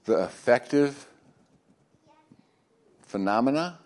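A male pastor preaching in a somewhat low voice. He swings from loud, emphatic lines down to hushed near-whispers. He drops folksy jokes and questions to the congregation along the way. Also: expressive, measured pace. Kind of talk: sermon.

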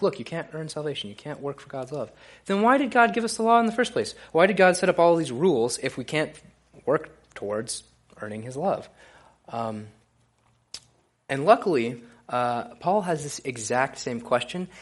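Male preacher, casual sermon, loose and chatty, lots of ums and restarts. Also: mid-range voice. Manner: casual, relaxed delivery with frequent fillers and restarts. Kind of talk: conversational sermon.

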